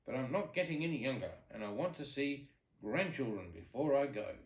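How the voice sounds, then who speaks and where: Brief: dad playing a blustering old storybook king, lively lilt, echoey room. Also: medium pitch, fairly quick, lightly acted. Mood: impatient.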